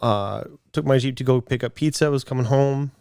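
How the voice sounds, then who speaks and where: This podcast co-host, a man in his late twenties, chats casually through a rambling tale full of restarts, a little out of breath. His medium-pitched voice is gravelly, darkish, clear and resonant, a little fast, captured dry in a clean studio.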